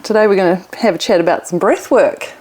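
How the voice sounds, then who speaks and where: A woman's voice: medium pitch, fast, darkish tone, slight background noise, low-quality recording. A woman with an Australian accent, hosting a podcast in an upbeat, chatty way. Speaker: podcast host. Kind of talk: casual podcast chat.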